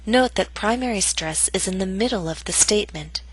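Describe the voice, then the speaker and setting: Calm woman reading a pronunciation lesson. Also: mid-range voice, husky, no echo, rough recording. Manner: slow, careful model sentences for repeating. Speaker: English pronunciation teacher. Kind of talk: scripted instructional narration.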